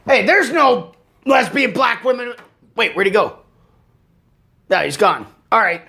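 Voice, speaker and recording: A man playing a blustering, patriotic podcast host in a comedy sketch, talking in a gruff, abrupt way with a gravelly voice. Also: high-pitched, big pitch swings, measured pace, pushed and bright, a little hiss or hum, exaggerated voice.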